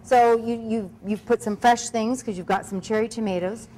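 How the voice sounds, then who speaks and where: A woman's voice: fairly high pitch, steady tone, normal speed, mellow, a little hiss or hum, low-quality recording. A woman co-hosting a cooking demonstration, chatty, enthusiastic and playfully teasing. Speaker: co-host. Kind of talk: cooking demo chat.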